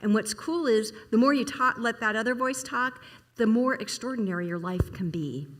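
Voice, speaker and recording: A woman's voice: on the high side, normal speed. A middle-aged woman minister giving a casual, storytelling sermon and asking her congregation questions in a church service. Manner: chatty, storytelling, asks the audience questions.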